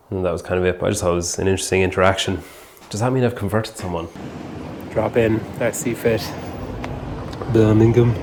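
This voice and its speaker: A man's voice: sits low, fairly even intonation, brisk, noisy background. A young man chatting casually as a podcast host, rambling and filling his sentences with "like". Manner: rambling, heavy use of "like". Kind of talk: casual vlog chat.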